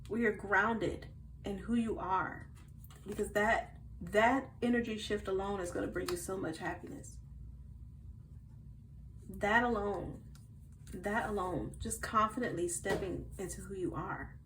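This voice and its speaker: A woman giving a casual tarot card reading to her viewers in a chatty way, swinging from soft murmurs to loud bursts. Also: mid-range voice, fairly even intonation, a little slow, slight background noise, poor audio. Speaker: tarot reader.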